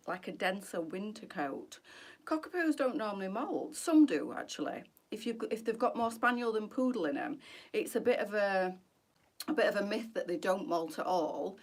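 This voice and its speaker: Woman, live shop host, chatty, affectionate, greets viewers by name. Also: medium pitch. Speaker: boutique live-stream host.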